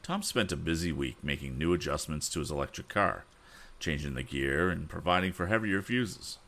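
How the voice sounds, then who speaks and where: A man's voice: a bass voice, animated, normal speed, creaky, fairly bright tone. A man reading an adventure novel aloud with expression, stopping to correct his own misreadings. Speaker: audiobook reader.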